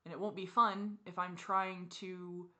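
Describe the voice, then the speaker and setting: Teary woman venting on her vlog, kinda low voice but bright, lots of sighs. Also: little pitch movement, a little slow. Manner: frustrated venting with sighs and soft asides. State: teary, crying. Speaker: vlogger. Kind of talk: personal confessional vlog.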